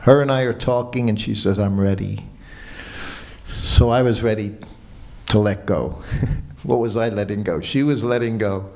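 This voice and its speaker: Man, temple lecturer, low voice, relaxed storytelling, quoting dialogue. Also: a little slow, gravelly, long pauses. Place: temple hall.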